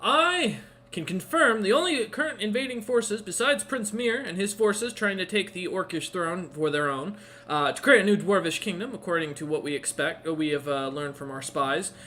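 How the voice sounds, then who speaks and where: A man voicing a dutiful male city guard who reports to his lord in an earnest, halting way. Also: a little high, level tone, pushed and bright, a little hiss or hum.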